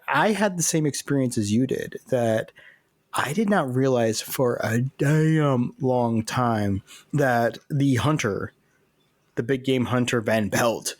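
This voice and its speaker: Man, 40s, co-host, halting and word-searching, mid pitch, dry close mic. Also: no room sound. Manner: hesitant, searching for words. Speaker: podcast co-host. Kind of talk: casual chat.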